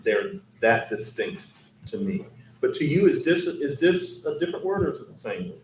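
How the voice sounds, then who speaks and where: A man speaking as a linguist on a discussion panel, putting questions in a lively, precise academic way. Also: medium pitch, moderate pace. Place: event hall. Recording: roomy hall with faint noise.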